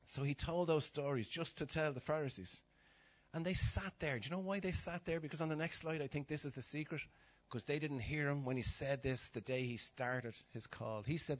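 A man's voice: a little high, moderate pace. A middle-aged man preaching a sermon, telling stories with acted-out voices and sudden drops to a whisper. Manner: animated storytelling, acting out voices, dropping to whispers.

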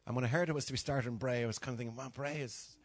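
A man's voice: medium pitch, steady tone, rapid-fire, slight background noise. An older man with a Dublin Irish accent, preaching an informal sermon in a church hall, chatty and self-mocking, acting out little dialogues. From Dublin, Ireland. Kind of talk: informal sermon with humorous stories.

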